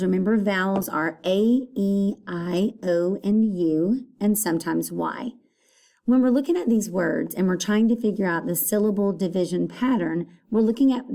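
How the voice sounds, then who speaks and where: Slow, patient woman teacher. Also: lowish voice, creaky, dark tone. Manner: slow, patient, repeats words to sound them out. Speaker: elementary school teacher. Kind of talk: recorded phonics lesson for children.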